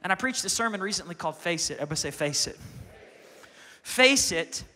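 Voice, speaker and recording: A young man preaching a lively sermon as pastor, swinging from quiet asides to loud shouts. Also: high voice, a little fast, long reverb tail. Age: young adult.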